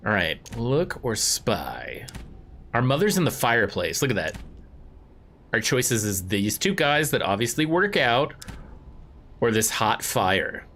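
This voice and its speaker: A man's voice: medium pitch, big pitch swings, measured pace, fairly bright tone, a little hiss or hum. A man casually commentating a story game live, chatting with viewers and giggling at his own slips. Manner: chatty, rambling, giggly asides to chat. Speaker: streamer.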